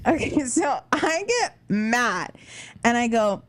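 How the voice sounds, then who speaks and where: A young woman co-hosting a podcast, telling a story in animated casual chat, swearing often and saying "like" a lot. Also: fairly high pitch, slow pace. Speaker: podcast co-host.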